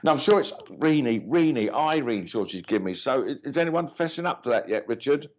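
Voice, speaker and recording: A man hosts a live mediumship stream in a rambling, chatty way. He greets viewers by name and keeps stopping to restart. His voice sits at a middle pitch and comes through dull, lo-fi stream audio. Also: lively intonation, brisk. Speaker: medium hosting a live reading show.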